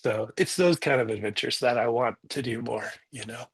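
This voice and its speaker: A man's voice: mid-range voice, moderate pace, husky. A middle-aged man, a guest coach, telling a personal story in conversation and acting out the people in it. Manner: animated storyteller, acts out the people in his story.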